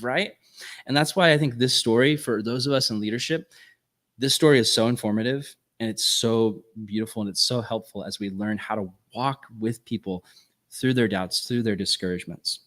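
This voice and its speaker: Speaking at a moderate pace in a medium-pitched, somewhat bright voice, a man teaches a ministry workshop. He's earnest and conversational, with casual wording and regular "right?" check-ins.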